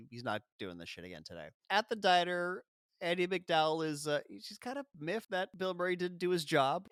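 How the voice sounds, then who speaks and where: A man's voice: on the high side, a bit bright, smooth, dry recording, studio quality. A man co-hosting a podcast, recapping a film in casual chat and acting out its lines with wry, profane humor. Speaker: podcast co-host.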